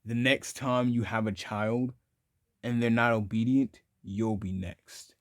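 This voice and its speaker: A man voicing a ruthless young male ghoul ninja leader who makes slow, measured threats. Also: medium pitch, fairly even intonation, dry recording, studio quality, natural voice. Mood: menacing.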